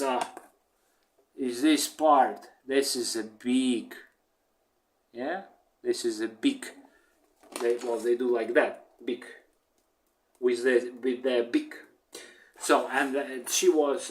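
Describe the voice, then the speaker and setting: A man teaching through a story, using simple words and repeating and explaining things for learners. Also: mid-range voice. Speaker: language teacher telling a story. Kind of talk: slow story-listening lesson.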